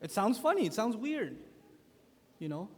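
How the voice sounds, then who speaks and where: Man, conference speaker, religious youth lecture, animated storyteller, high voice, big reverberant hall. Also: moderate pace. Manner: animated storytelling with acted-out quotes. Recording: long echo of a large conference hall.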